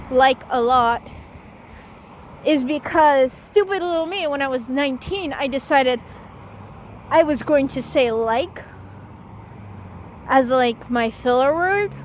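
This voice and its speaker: A woman's voice: high-pitched, slight background noise. A young woman vlogger telling a rambling casual story, saying "like" a lot and swearing casually.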